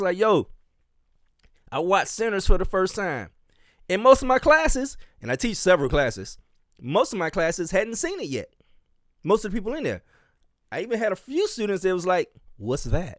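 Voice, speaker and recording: A man's voice: a little high, no room sound, studio quality. A man from the US South with a Southern accent, a dance teacher hosting his own podcast in a loose solo chat full of fillers and restarts. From Miami and Charleston, US South. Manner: rambling, with many fillers and restarts.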